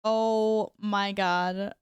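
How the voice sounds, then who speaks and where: A woman's voice: mid-range voice, level tone, very slow, clean tone, no room sound, highs cut off. A woman streaming a game, chatting casually with her viewers while she fixes her audio. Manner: flustered, talks to chat while fixing audio. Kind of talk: casual live-stream chat.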